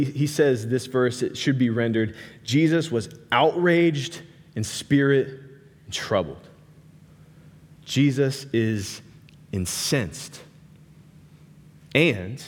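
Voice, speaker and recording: A young man preaching a sermon, talking casually and animatedly, with lots of "like" and "right" as he tells stories. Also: mid-range voice. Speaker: pastor. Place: large hall with a live audience. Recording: hall reverb.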